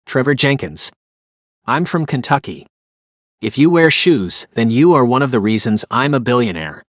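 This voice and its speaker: A folksy, friendly inventor from Kentucky, voiced by a male narrator. He talks in an easygoing way at a middling pitch. The audiobook sound is dry and close. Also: animated, normal speed, no room sound, lightly acted.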